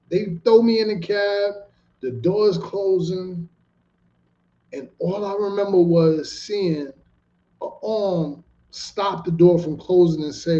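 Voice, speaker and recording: A man hosting a casual show, telling a story in an animated, profane way and repeating himself for emphasis. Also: high-pitched. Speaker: host. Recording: dull lo-fi recording.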